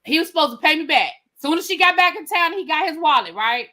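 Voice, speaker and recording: A woman's voice: high-pitched, fast. A woman with a Washington DC accent, telling stories in a casual, slangy chat as a podcast co-host. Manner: animated storytelling, slangy, acts out her own past remarks.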